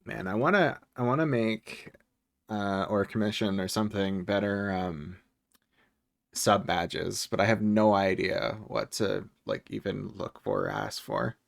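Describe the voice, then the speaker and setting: A man with a low, gravelly voice talks casually on a live stream from home, rambling between topics and swearing freely. His voice is recorded dry and close, with no room sound around it. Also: fairly even intonation, measured pace, no room sound. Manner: rambling, profane, chuckles often. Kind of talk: casual livestream chat.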